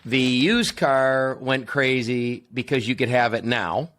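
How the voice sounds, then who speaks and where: A man's voice: medium pitch, slow, a bit bright. An American man hosting a casual podcast, talking things through with asides and restarts. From United States. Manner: conversational, explains with asides and restarts. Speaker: podcast host.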